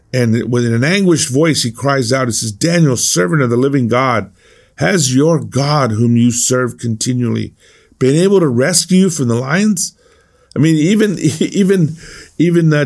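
A man giving a conversational sermon, reading scripture and explaining it in an earnest, informal way with frequent restarts. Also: mid-range voice. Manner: warm, earnest, many restarts and asides. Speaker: preacher.

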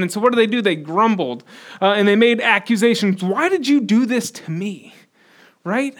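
High-voiced man preaching casually. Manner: conversational, animated, acts out quotes. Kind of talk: sermon.

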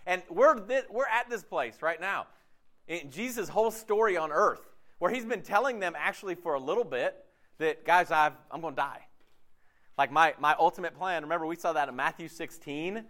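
A man, a pastor, giving a conversational sermon, casual and animated, often acting out quotes in his talk. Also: fairly high pitch, moderate pace.

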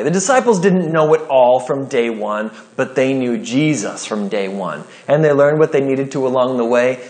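A man preaching a sermon in an earnest, conversational way, with quick rises and drops in his delivery. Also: fairly high pitch. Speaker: pastor.

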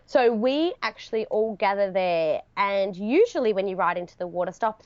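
A woman's voice: mid-range voice, expressive, moderate pace, hardly any pauses, dry recording, lo-fi sound. Heartfelt woman sharing a story. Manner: heartfelt, tearful at moments, talks through laughs. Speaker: podcast guest. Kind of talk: emotional storytelling interview.

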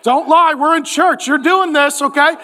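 Forties male pastor, high voice, lively joking preacher in a church sermon. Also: moderate pace. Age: 40s. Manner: animated, joking, acts out voices in quotes.

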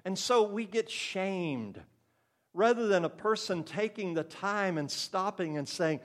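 A man's voice: a little high, expressive, a little slow, a bit bright. An older man preaching a sermon in an earnest, conversational way, now and then acting out the voices of the people in his stories.

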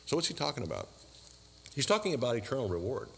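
A man's voice: medium pitch, very animated, quick pace, gravelly, fairly bright tone, big-room sound, a little hiss or hum. A man preaching a sermon, asking the congregation questions and adding dry asides. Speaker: pastor.

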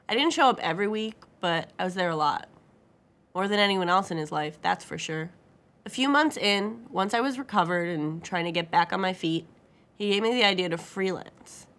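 A woman's voice: mid-range voice, animated, brisk, a bit bright. Wry woman narrating a crime story. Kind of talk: first-person story narration.

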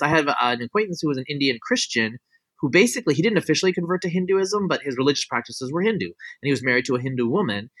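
Bright-voiced man rambling with fillers. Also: medium pitch. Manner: rambling, heavy on "like" and "you know" fillers; opinionated, explaining his views at length. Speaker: guest scientist. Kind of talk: casual conversational interview.

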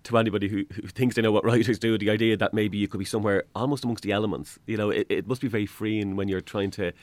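A soft-spoken man with an Irish accent presenting and interviewing on a radio programme. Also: fairly low pitch, fairly even intonation, fast, no room sound.

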